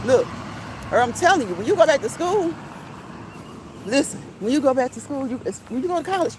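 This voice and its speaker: A woman's voice: high voice, very animated, a little fast, noisy background. A woman hosting a casual live stream, chatting, laughing often and reading out viewers' comments.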